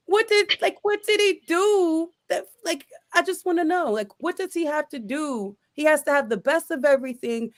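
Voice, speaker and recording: Hosting a casual sports podcast chat, a woman speaks emphatically in a voice that sits high, often restarting her sentences and repeatedly asking exasperated questions. She talks at a moderate pace with few pauses.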